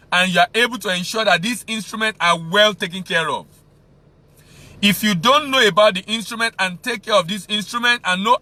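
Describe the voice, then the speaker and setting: A man's voice: sits high, bright, forceful tone. Emphatic Nigerian man teaching export trade. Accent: Nigerian English. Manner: emphatic, repeats key phrases for stress. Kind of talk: teaching talk on export business.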